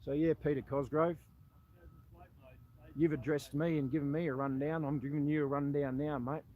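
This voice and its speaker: A man's voice: a little high, little pitch movement, normal speed, phone-quality sound, a little hiss or hum. A man with an Australian accent, a former army soldier, making a direct-to-camera appeal that confronts the listener and keeps calling him "mate".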